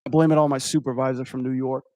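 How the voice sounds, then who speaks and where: A man's voice: mid-range voice, flat delivery, quick pace, a little mellow, no echo, studio quality. A young adult man from Louisiana, rambling and swearing as he critiques animation for his stream chat. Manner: rambling, profane, filler-heavy.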